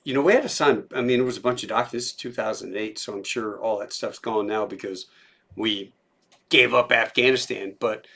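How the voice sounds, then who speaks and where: Relaxed male podcast host. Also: fairly low pitch, brisk, vocal fry, breathy edge. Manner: relaxed, conversational, searching for words. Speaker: podcast host, military veteran. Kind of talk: casual chat.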